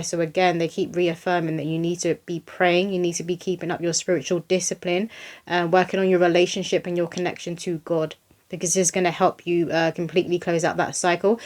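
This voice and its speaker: A woman's voice: lowish voice, a little mellow. A young woman giving a casual channeled spiritual reading to camera, earnest and reassuring, often repeating her points.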